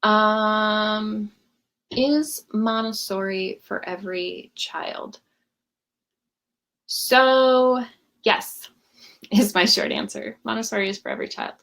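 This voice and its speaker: A woman's voice: medium pitch, slow, creaky, long pauses, a bit bright. A woman coaching parents in a live Q&A, talking in a friendly, conversational way at home and giving example phrases.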